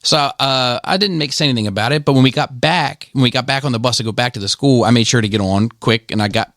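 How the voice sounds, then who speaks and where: A middle-aged man from Maryland, hosting a podcast and telling a profane, animated story with quoted voices. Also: mid-range voice, fast, no room sound, studio quality. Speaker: podcast host. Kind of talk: casual storytelling.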